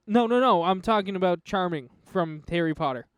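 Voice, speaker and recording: A man's voice: high-pitched, lively intonation, fairly quick, fairly bright tone, clear, resonant tone, no echo. A young American man with a General American accent, co-hosting a casual film podcast, emphatic and opinionated, often restarting his sentences. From United States. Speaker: podcast co-host.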